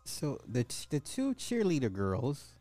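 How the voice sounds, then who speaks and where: A man's voice: medium pitch, huge pitch swings, measured pace, mellow, dry recording, soft background music. A man hosting a podcast, reading a news story aloud and breaking off for sarcastic, casual asides. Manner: sarcastic, jokey, reads articles aloud with asides. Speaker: podcast host.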